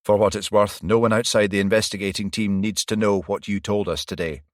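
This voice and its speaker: A man voicing a male police detective who talks in a calm, measured way. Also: lowish voice, dry recording, studio quality, close to an everyday voice. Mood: steady.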